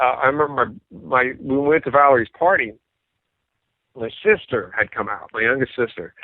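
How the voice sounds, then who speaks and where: Man, musician guest, animated storyteller, dry tinny phone-like sound. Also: mid-range voice, no echo. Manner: animated, acts out quoted voices. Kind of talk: casual storytelling.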